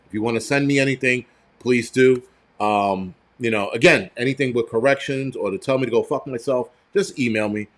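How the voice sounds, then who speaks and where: A man's voice: mid-range voice, brisk. An American man hosting a live stream, talking bluntly and profanely in loose, rambling commentary straight to his viewers. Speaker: prepper channel host.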